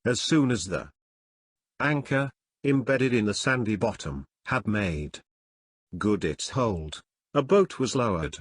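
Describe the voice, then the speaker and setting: Man reading a novel with lively pitch. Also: slow, slightly rough, dry recording, studio quality. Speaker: audiobook narrator. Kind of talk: scripted narration.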